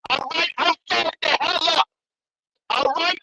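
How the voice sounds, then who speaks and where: A man with a strikingly high voice rants on a call-in line, heated and profane. He is full of slang and repeats his points again and again. A clear hiss of noise sits under the call. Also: steady tone, unhurried. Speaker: caller. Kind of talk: fired-up call-in rant.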